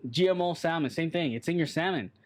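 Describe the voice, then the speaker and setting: A man's voice: on the high side, fast. A man co-hosting a casual podcast chat, rambling and blunt, swearing offhandedly. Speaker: podcast co-host.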